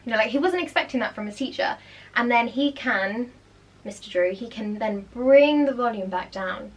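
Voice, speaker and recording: A woman's voice: a little high, moderate pace. Young woman, primary teacher, casual reaction chat, explanatory. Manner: chatty, explanatory, animated asides.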